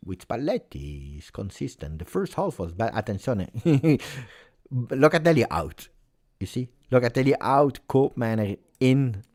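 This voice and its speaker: A man's voice: mid-range voice, big pitch swings, measured pace, darkish tone. A man hosting a live match watch-along, reacting emotionally and pleading with the players. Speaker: fan channel host.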